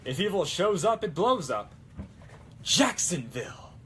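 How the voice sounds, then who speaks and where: A man's voice: high voice, sing-song, unhurried, fairly bright tone, a little hiss or hum, pitched above the performer's own voice, exaggerated voice. A man doing Ash, a cocky demon hunter. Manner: brash, swaggering one-liners. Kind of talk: on-demand character impression.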